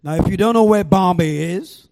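A man's voice: high-pitched, normal speed, vocal fry, mellow. An older man with an Indian accent, sharing his recovery story to a live audience in a raw, profane, storytelling way. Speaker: recovery meeting speaker. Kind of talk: personal share to a live audience.

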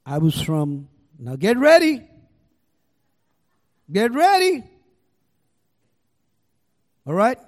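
A man's voice: high-pitched, huge pitch swings, extremely slow, pauses often, darkish tone. An older man with an Indian accent, sharing his recovery story to a live audience in a raw, profane, storytelling way. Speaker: recovery meeting speaker. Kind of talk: personal share to a live audience.

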